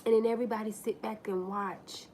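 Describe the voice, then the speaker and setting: A woman hosting a livestream, telling a personal story to her viewers in a candid, profane, animated way. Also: medium pitch, a little fast, slight background noise. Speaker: livestream host.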